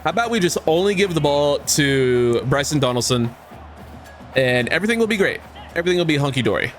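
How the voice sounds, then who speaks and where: A man's voice: a little high, expressive, brisk, soft background music. A man giving casual gameplay commentary, swearing and ranting at the game with exasperation. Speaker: gaming YouTuber.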